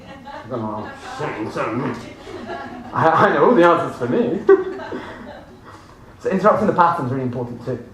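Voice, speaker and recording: A man giving a lively motivational seminar talk to a live audience, often laughing and asking the room questions. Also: mid-range voice, normal speed, pauses often, crowd noise. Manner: animated, laughing, addresses audience directly. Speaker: motivational speaker. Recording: echoey room from far off, faint noise.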